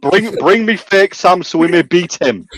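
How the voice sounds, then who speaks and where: A British man with a slightly raised pitch joins a casual livestream chat, teasing and joking playfully. His voice is recorded close and dry. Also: lively intonation, a little slow, fairly bright tone, breathy edge, no room sound. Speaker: stream guest.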